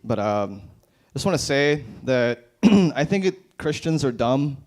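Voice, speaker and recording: A man performing stand-up at an open mic in a brewery, delivering deadpan one-liners into a handheld mic. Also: mid-range voice, takes it slowly. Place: brewery bar.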